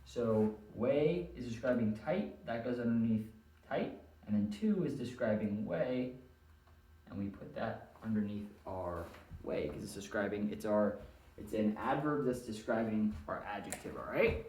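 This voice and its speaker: A man's voice: on the low side, expressive, unhurried, a little mellow. Teacher man in a roomy distant recording. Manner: friendly, checks in with "all right?" often. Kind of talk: recorded classroom lesson.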